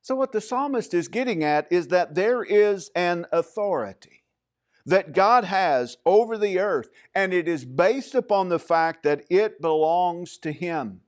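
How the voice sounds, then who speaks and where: A man preaching a sermon as pastor of a church, speaking in a measured, emphatic way with frequent fillers. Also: high-pitched, lively intonation.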